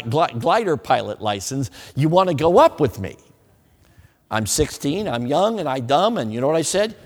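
Middle-aged male preacher, animated storyteller quizzing the pews, reverberant hall. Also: mid-range voice. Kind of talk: sermon.

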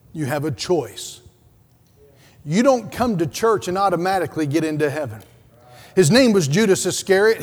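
A male pastor preaching a sermon in a church, swinging between loud urgent calls and hushed, low passages. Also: long reverb tail. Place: church sanctuary.

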